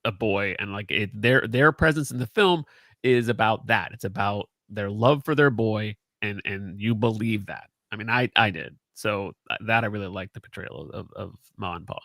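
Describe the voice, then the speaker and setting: Low voice but bright and sharp, talks fast and trips over words, super dry sound. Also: male voice, no room sound. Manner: quick, stumbling, repeats words. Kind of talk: casual chat.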